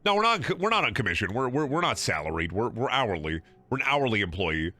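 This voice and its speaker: A man's voice: medium pitch, big pitch swings, fairly quick, sharp tone, dry recording. A man streaming a video game, talking in a sarcastic, rambling, profane way with frequent laughing and repeated words. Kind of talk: casual game livestream commentary.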